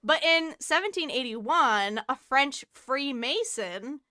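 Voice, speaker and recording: A woman's voice: sits high, animated, takes it slowly, bright, forceful tone, no room sound, studio quality. A young woman co-hosting a podcast, chatting casually, laughing often and swearing freely. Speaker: podcast co-host. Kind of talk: casual chat.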